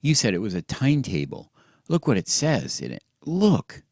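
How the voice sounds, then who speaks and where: A man voicing an excitable boy adventurer in a storybook reading, breathless and insistent, often near shouting. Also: mid-range voice, normal speed, gravelly, no echo, clean studio sound, pitched above the performer's own voice. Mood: excited.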